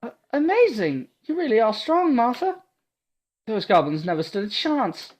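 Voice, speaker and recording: A man's voice: extremely high pitch, big pitch swings, moderate pace, voice pushed up, exaggerated voice. A man doing a meek, stammering young woman. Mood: timid. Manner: hesitant, stammering. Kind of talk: reading a visual novel aloud.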